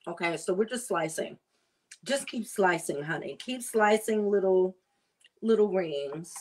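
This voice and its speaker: A woman food vlogger chatting casually while she prepares and tastes seafood, savoring and drawn-out in her talk. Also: medium pitch, lively intonation. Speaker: cooking vlogger. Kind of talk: casual chat while cooking.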